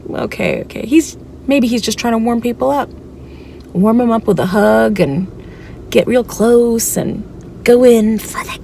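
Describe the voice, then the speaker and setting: A woman reseller vlogger telling a thrift-store story in a chatty, animated way. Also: medium pitch, slight background noise. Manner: chatty, animated, laughs between lines. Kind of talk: casual storytelling vlog.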